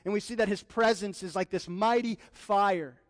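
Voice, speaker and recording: A young man delivers a sermon in a high-pitched voice, preaching with passion and weaving in personal stories. His voice rings out with a long reverb, as if it were recorded in a church hall. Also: moderate pace. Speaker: pastor.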